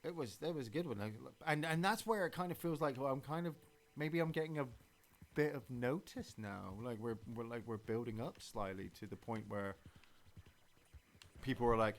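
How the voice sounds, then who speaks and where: A man's voice: medium pitch, expressive, brisk. A man hosting a gameplay stream, talking casually and rambling, with many fillers and restarts. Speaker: streamer and podcast host.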